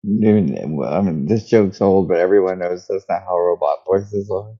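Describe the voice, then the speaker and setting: Mellow, low-voiced easygoing man. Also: steady tone, normal speed, dull audio. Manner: easygoing, laughs often, hedging musings. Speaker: podcast co-host. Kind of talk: casual comedic chat.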